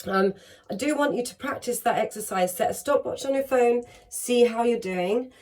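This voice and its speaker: A woman's voice: a little high, moderate pace, darkish tone. A woman teaching a singing lesson on breathing, upbeat and encouraging, talking straight to her students and showing each exercise.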